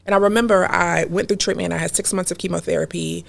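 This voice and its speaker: Low gravelly woman, podcast guest, emphatic casual storytelling. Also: fairly even intonation, fast.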